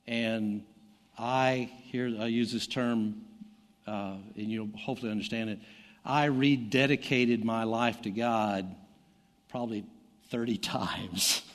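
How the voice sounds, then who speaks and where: A man's voice: on the low side, slow. A middle-aged man with a Southern American accent preaching a sermon, reading scripture aloud with his voice lifting for the quoted lines. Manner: animated Bible reading, voice rising for quoted lines. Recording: long hall reverb.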